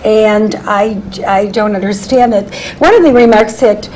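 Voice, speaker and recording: A woman's voice: medium pitch, unhurried, darkish tone, rough recording. A woman hosting a political roundtable, asking questions with hesitant restarts. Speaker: host. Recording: faint background noise.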